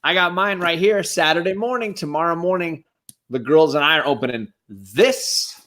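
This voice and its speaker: A man on a casual live stream, giving enthusiastic shout-outs to the chat as a guest co-host. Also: on the high side, moderate pace.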